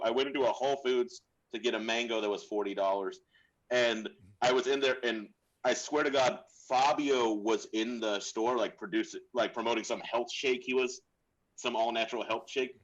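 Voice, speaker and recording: A man co-hosts a comedy podcast and rambles through a funny anecdote. His voice is bright and forward, and he laughs at his own story as he goes. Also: mid-range voice, low-quality recording. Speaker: podcast co-host. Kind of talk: podcast chat.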